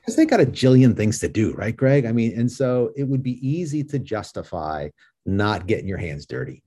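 A man from New York speaks as a guest in a relaxed interview. His voice sits low and mellow, and he talks earnestly, often restarting his sentences. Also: normal speed, husky. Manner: earnest, with frequent restarts and "you know". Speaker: guest, ministry leader. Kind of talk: casual interview chat.

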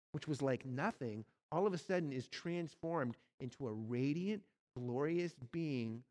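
A male pastor delivering a sermon, slightly high in pitch. He tells stories and turns to address the congregation directly.

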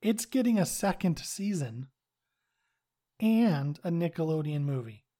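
A man's voice: a little high, animated, unhurried, warm tone. A man co-hosting a casual podcast chat, laid-back and swearing casually as he brings up news items. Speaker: podcast co-host.

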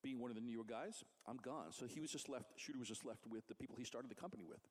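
A man, a comic book artist, telling a career story in a casual, animated way and acting out the people he quotes. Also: medium pitch, fast.

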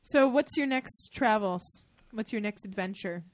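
A woman's voice: medium pitch, a little slow, no echo. A woman co-hosting a radio show, chatting casually in a studio, giggly and a bit scattered.

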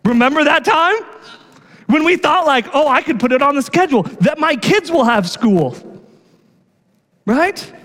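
A man's voice: very high voice, expressive, a little slow, long pauses, fairly bright tone, big-room sound. A male pastor giving a sermon in a casual, conversational way, often checking in with "right?" and stumbling over repeated words.

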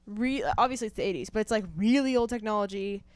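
A woman co-hosts a podcast, chatting casually and upbeat about films with plenty of fillers. Her voice is medium-pitched and fast, recorded at studio quality with no echo.

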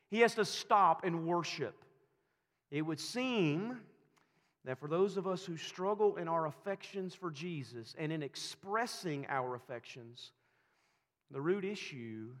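Emphatic preacher in a reverberant hall. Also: male voice, on the high side, fairly bright tone. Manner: emphatic preaching with rising, repeated phrases. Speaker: pastor. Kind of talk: sermon. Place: church sanctuary. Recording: long reverb of a church hall.

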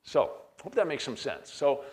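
A man's voice: medium pitch, sing-song, normal speed, darkish tone. A man, middle-aged, teaching a Bible class in a conversational way, reading verses aloud with frequent restarts.

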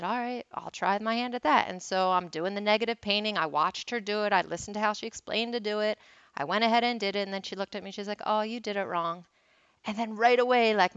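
A woman's voice: mid-range voice, a bit bright, clean tone, no echo, muffled recording. Candid self-deprecating woman storyteller. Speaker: wellness teacher and host. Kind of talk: personal storytelling talk.

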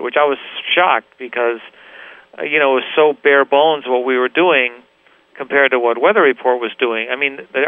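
A man calling in over a tinny phone line, telling stories as the interview guest. His voice is smooth and resonant, and the sound is dry and close. He rambles a little, with many "you know"s and restarts. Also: mid-range voice, no room sound. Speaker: guitarist guest. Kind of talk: casual interview chat.

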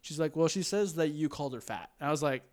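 A man's voice: fairly high pitch, fast talker. A young man casually telling a story to a friend, laughing often and acting out what people said, with plenty of swearing. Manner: laughing storyteller, acts out quotes, swears freely.

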